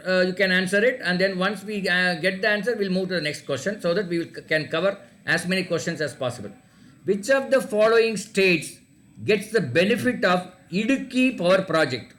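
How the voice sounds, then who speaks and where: High-voiced teacher running a quiz. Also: male voice, a bit bright. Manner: spells words letter by letter, repeats questions slowly. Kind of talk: online class quiz, reading questions aloud.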